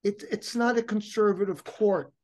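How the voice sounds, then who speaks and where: Measured, emphatic talk show co-host. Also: medium pitch, darkish tone. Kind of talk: political talk show discussion.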